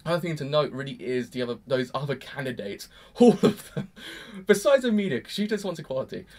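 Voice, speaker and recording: A man's voice: mid-range voice, sing-song, quick pace, a little mellow. A young man rambling through an emphatic, exasperated reaction review. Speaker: anime reviewer. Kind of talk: casual reaction commentary.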